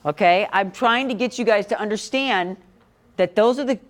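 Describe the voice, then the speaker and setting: A middle-aged woman teaching a classroom about infant care, talking directly and quizzing her students. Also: mid-range voice. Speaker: parenting educator. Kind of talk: classroom talk.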